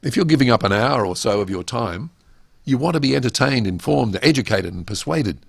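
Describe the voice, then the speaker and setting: A man's voice: mid-range voice, lively intonation, brisk, gravelly, dry recording, studio quality. A middle-aged man giving a webinar lecture on public speaking, emphatic and full of rhetorical questions.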